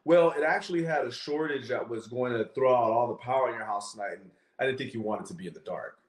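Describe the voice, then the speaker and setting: A man voicing God as a patient, fatherly figure, speaking in a calm, measured way in a roomy space. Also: mid-range voice, close to an everyday voice. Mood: reassuring.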